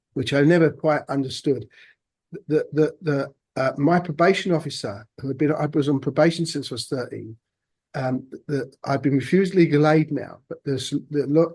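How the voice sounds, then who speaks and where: A man, a podcast guest telling his own story in a halting, reflective way. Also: mid-range voice, darkish tone, husky. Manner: halting, reflective, many restarts. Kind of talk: personal storytelling interview.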